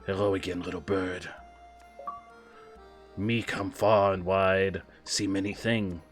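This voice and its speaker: Man voicing a tentacled game creature, broken speech, slow, low, odd timbre, soft music behind. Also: little pitch movement. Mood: wistful. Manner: broken simple grammar, slow. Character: broken-speaking tentacled creature, wandering and awed.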